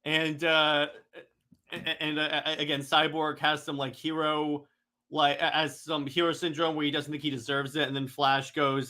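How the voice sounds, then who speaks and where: A man giving an excitable, rambling recap of a comic, full of restarts. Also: on the high side, normal speed. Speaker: comic reader.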